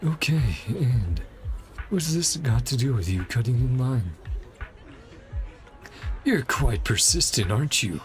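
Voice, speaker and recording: A man's voice: medium pitch, animated, slow pace, pauses often, soft background music, voice pushed up. A man reading an arrogant rich brat. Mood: haughty. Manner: haughty, indignant reading. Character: arrogant rich young man, entitled and accusing.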